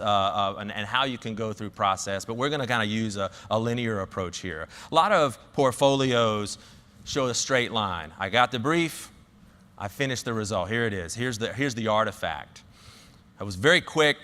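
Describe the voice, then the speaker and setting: A man with a Southern US accent gives a conference talk, telling a story with plenty of "uh"s and restarts. His voice is bright and forceful. It rings out with a long reverb, as if from a large hall. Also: mid-range voice, smooth. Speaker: conference speaker.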